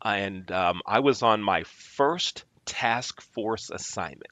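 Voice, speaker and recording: A man's voice: on the low side, animated, slow, sharp tone, no room sound. A man hosting a casual podcast interview, telling stories with frequent restarts. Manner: storytelling with restarts. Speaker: podcast host.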